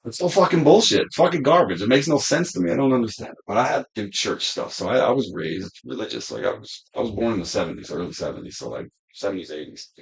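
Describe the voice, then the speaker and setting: A man in his fifties with a low voice full of gravel and a husky edge. He talks as a podcast guest in a loose, rambling way, swearing often as he turns over big questions. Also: big pitch swings, fast, hardly any pauses. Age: 50s. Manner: laid-back, heavy swearing, rambling musings. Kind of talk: casual conversation, philosophical storytelling.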